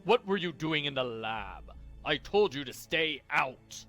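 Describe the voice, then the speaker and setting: A stern, gruff older boss who shouts his warnings, played by a man. The tone is bright and pushing, and the pitch moves a lot. It sounds like a comic storybook reading. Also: lively intonation, measured pace, soft background music. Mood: angry. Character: angry older male boss on the phone.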